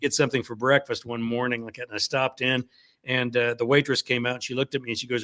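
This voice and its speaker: A man's voice: medium pitch, little pitch movement, fast talker, a bit bright. A man, a guest author, chatting casually with many fillers and then reading aloud from his novel. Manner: rambling, frequent "like that" and fillers.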